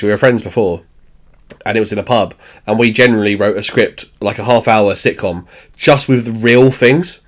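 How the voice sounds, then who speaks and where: Sweary, blunt male podcast co-host. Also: medium pitch. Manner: blunt, sweary, acts out lines with laughter. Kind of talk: casual chat recapping a sitcom.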